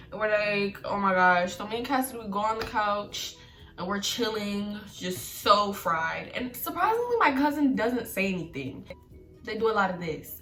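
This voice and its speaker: A young woman vlogger telling a story in animated slangy talk with laughs, recorded a bit off-mic in an echoey room with faint music. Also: medium pitch, recorded from a distance. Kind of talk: storytime vlog.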